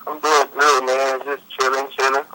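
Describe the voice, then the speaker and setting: Laid-back man guest from California, very bright tone, faint noise in the background. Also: mid-range voice, completely flat delivery, normal speed, low-quality recording. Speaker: comedian guest. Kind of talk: interview answers.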